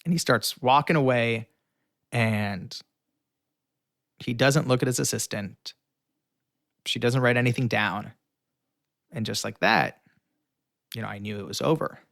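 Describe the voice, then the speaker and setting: Young guy telling a story on a podcast, really animated, acts out the lines, dry close mic. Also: medium pitch, unhurried, vocal fry, long pauses, dry recording. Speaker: guest. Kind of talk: storytelling in an interview.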